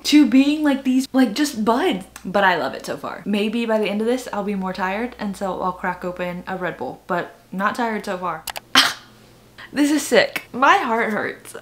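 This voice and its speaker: Young woman, high voice, casual vlog chat, giggly, gushing, filler-heavy. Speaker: book vlogger.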